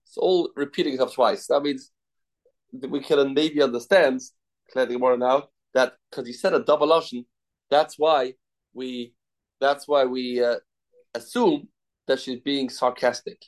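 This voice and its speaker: Male Talmud teacher, mid-pitched, reads then explains, repeats himself, self-questioning. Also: fairly even intonation, a little slow. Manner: repeats key phrases, asks and answers his own questions. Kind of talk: daily Talmud class.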